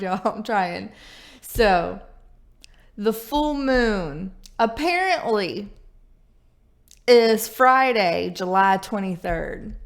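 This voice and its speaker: A high-voiced woman with a drawl hosts a tarot reading on camera. She talks in an irreverent, swearing, giggly way. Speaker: tarot reader. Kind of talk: casual tarot reading vlog.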